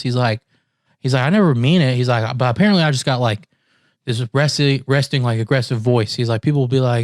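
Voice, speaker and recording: This podcast co-host talks at a quick pace, his medium-pitched voice captured in studio quality with no echo. Chatting casually, he tells a lengthy tale with lots of animation, voicing others' quotes and breaking into frequent laughter.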